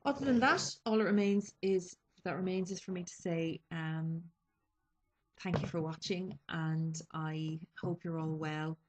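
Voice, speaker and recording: A woman's voice: on the low side, measured pace, rough recording. A young woman vlogger talking casually about her makeup picks, hesitant and full of ums and restarts. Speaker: beauty vlogger. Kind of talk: casual makeup chat to camera.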